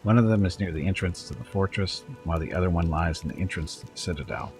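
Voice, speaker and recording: Sly kobold bard guy, lecturing, kinda cold and probing, man doing the voice a bit higher than his own low one. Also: fast talker, a little mellow, soft background music. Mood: conspiratorial. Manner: probing, lecturing, cold when talking of traitors. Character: sly, hard-edged male kobold bard traveler. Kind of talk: reading game dialogue aloud.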